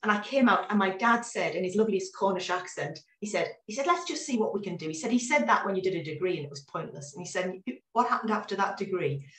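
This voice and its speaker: A woman in her forties talks through her story in a casual interview, animated and full of restarts. Her voice sits in a roomy, echoey space. She is a little far from the microphone, as on a video call. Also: medium pitch, fast talker, few pauses. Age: 40s. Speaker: guest.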